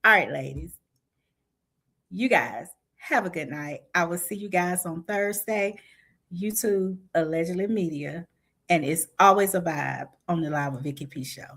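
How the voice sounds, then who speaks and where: A woman's voice: fairly low pitch, a little slow. A woman hosting a casual livestream, chatty and hyping up events for her audience. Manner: lively, hype, chatty with the audience. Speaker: livestream show host. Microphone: video call style stream mic.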